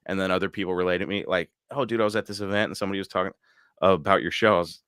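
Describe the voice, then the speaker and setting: A man hosts a live car podcast in an easygoing, excitable way, breaking into laughter often. His voice sits very low. The sound is close and dry. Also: very fast, smooth, no echo. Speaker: podcast host. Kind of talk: casual live-stream chat.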